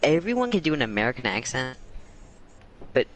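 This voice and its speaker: A man teasing his friend with quick quips during a casual gaming chat. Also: mid-range voice, sing-song, fairly bright tone. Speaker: co-player.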